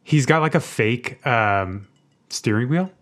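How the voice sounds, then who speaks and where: A man's voice: medium pitch, expressive, slow pace, fairly bright tone. Chatty man recapping a show. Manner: chatty, laughs often, lots of "like" fillers. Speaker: podcast co-host. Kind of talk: casual chat recapping a TV episode.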